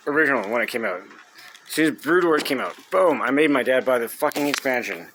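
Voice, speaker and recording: Young man, angry gamer rant, constant swearing, mid-pitched voice, faint room hum behind. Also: brisk. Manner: furious, heavy swearing, loud outbursts. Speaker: gamer venting on video.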